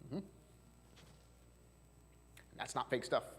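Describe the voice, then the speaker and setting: A man's voice: slow, a bit bright. A male marriage and family therapist giving a chatty seminar talk to a live audience, often asking them questions. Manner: chatty, asks the audience questions, frequent fillers. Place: church hall. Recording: long hall reverb.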